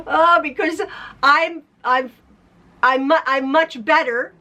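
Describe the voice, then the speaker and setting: A woman's voice: high-pitched, takes it slowly, fairly bright tone. An older woman vlogging casually to camera about quilting, chatty and emotional, with frequent laughs, tired after an illness. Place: at home, later in her parked car.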